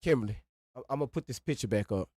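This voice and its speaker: A man's voice: mid-range voice, lively intonation, very fast, darkish tone, no room sound, studio quality. A man giving heated reaction commentary, angry and profane, repeating himself for emphasis. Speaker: co-host of a reaction stream.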